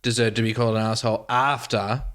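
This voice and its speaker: A man, a comedian and actor, chatting as a podcast guest and telling animated, self-mocking stories with plenty of restarts. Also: lowish voice, fast talker. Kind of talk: casual podcast chat.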